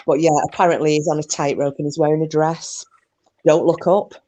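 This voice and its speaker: Low-voiced woman chatting on a livestream. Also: little pitch movement, brisk, dark tone. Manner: chatty, swears casually, reads out viewer comments. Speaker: livestream host. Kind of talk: casual chat.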